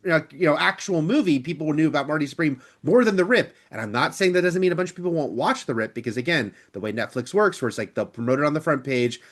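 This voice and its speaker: An animated man with a fairly high voice and a lively, swooping delivery co-hosts a film podcast. He talks in casual, rambling asides with a jokey edge. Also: quick pace, hardly any pauses. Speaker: podcast co-host. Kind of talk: casual chat.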